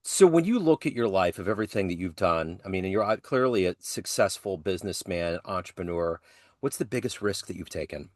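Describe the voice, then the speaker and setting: A man's voice: low voice, lively intonation, fairly quick, no echo, studio quality. A man hosting an interview, asking long, winding questions and giving short affirmations. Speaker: podcast interviewer.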